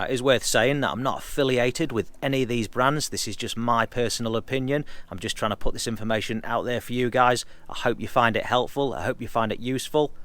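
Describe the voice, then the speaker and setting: A man's voice: medium pitch, a bit bright, no echo. A man giving a casual, candid explanation in a car vlog, chatting directly to his viewers. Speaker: car enthusiast vlogger.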